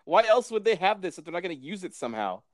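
A man's voice: high voice, big pitch swings, quick pace, no echo. A man co-hosting a podcast in casual chat, swearing and enthusiastic, sighing now and then. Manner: profane, enthusiastic, sighs often. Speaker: podcast co-host.

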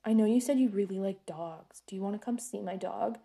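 A woman's voice: mid-range voice, fairly quick, vocal fry, warm tone, natural voice. Woman quoting a smug, pushy man. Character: smug, pushy young man on a bad date.

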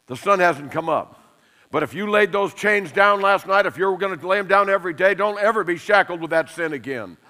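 A middle-aged man preaching a sermon, lively and emphatic, telling funny stories and laughing along. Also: high voice, normal speed. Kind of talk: sermon with humorous storytelling.

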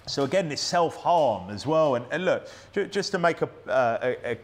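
This British-accented man delivers a church sermon in a chatty way, full of restarts and tag questions. He speaks at a normal speed with a somewhat high voice and lively intonation, recorded through a plugged-in mic.

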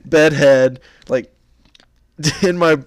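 A man's voice: a little high, very slow, no echo. A young man co-hosting a podcast in casual chat, rambling through stories and laughing as he goes. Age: young adult. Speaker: podcast co-host.

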